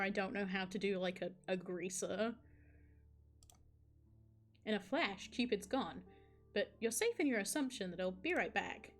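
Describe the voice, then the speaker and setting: A woman's voice: mid-range voice, moderate pace, soft background music. A woman streaming a game live, reading the story aloud and chatting with viewers in a casual, laughing way. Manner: chatty, laughs, asides to chat.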